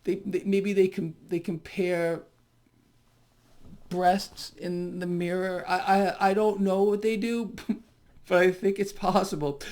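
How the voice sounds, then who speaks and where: A man's voice: sits high, a little mellow. A man giving solo financial commentary in a mocking, sarcastic tone, often breaking into exclamations.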